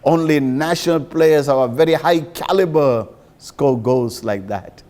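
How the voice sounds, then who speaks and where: A man's voice: a little high, unhurried, darkish tone, natural voice. A man voicing a proud, encouraging father who praises his young son's football with exuberance. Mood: exuberant.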